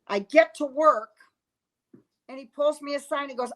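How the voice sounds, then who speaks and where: Comedian lady telling a story, animated, acts out everybody's lines. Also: sits high, normal speed, long pauses, poor audio. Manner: animated storyteller, acts out quotes, laughs often. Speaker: comedian guest. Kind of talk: storytelling chat.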